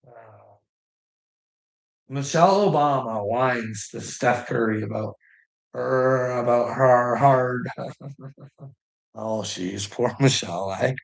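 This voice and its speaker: A man's voice: medium pitch, takes it slowly, creaky, pauses often. A man ranting about news headlines with heavy swearing and sarcasm, often trailing off into mutters. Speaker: commentator reacting to news headlines. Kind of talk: profane ranting commentary.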